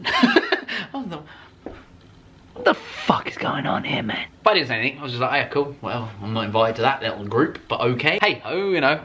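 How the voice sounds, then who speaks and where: A young man, a car YouTuber, retelling a wild night in an excitable storytime vlog, swearing freely and laughing as he goes. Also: mid-range voice.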